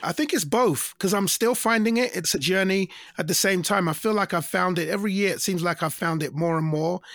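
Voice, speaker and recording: A middle-aged man telling stories in a casual interview, animated and acting out the voices of people he quotes. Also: fairly quick, no echo, studio quality. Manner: animated, acts out quoted voices with big pitch jumps. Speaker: singer and interview guest.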